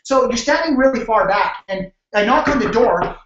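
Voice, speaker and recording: A man's voice: very high-pitched, expressive, normal speed, fairly bright tone. A man hosting a live sales-training webinar, talking casually with many restarts and acting out door-step scenes on a video call. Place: home room on a video call. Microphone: computer mic on a video call. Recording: echoey, dull webcam audio.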